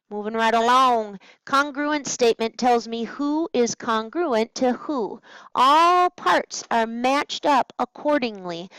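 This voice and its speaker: On a dry, poor-quality recording, a woman with a fairly high voice talks through practice problems at a smart board. This math teacher's test-prep walkthrough is chatty and playful, sprinkled with small asides to herself.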